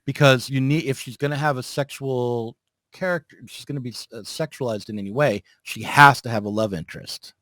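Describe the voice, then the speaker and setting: A man's voice: medium pitch, a little fast, fairly bright tone, no room sound. A man hosting a podcast, chatting casually with a guest, hesitant and joking with many restarts. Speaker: podcast host. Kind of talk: casual conversational interview.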